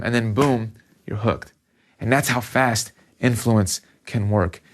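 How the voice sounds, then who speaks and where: A man preaching a youth sermon to teenagers in a conversational, animated storytelling way. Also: on the low side, takes it slowly. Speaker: youth pastor.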